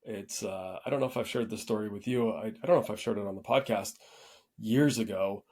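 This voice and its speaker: Podcast host, male, lowish husky voice, casual storyteller who rambles and restarts. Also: fairly quick. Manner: relaxed, rambling with frequent restarts.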